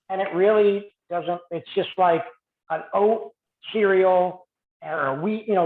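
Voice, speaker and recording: A man co-hosting a podcast, chatting casually with quick asides and frequent laughs. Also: high-pitched. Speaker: podcast co-host. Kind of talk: casual chat. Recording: roomy, tinny phone-like sound.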